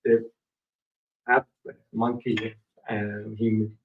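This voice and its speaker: A man's voice: lowish voice, very slow, heavy background noise, voice pushed down. A man putting on a joking Delhi man. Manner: deadpan comic storytelling. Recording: roomy, distant, slightly dull.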